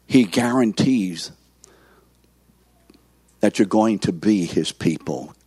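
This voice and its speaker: A man preaching a sermon in a teaching manner, slowing down to stress key words and quizzing his listeners. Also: fairly low pitch, lively intonation, a little mellow, breathy edge, dry recording. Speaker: pastor.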